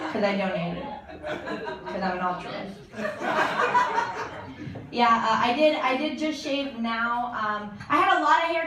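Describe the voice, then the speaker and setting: Young woman, stand-up comic, deadpan delivery, very echoey venue, heard from far off, audience noise. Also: mid-range voice. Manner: deadpan jokes with quick asides to the crowd. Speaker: stand-up comedian. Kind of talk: stand-up comedy set. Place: comedy club stage. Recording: echoey room from a distance, audience laughter.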